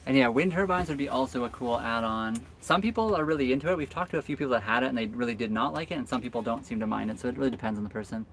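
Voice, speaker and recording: A man's voice: mid-range voice, very fast, hardly any pauses, a bit bright, slight background noise. A man hosting a live stream from his sailboat, chatting casually and answering viewer comments. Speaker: boat vlog host.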